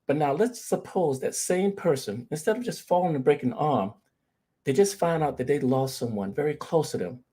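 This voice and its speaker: A man's voice: a little high, expressive, normal speed, warm tone, husky. A middle-aged man, a grief recovery specialist, telling personal stories in an earnest motivational talk. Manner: earnest storytelling, addresses audience directly.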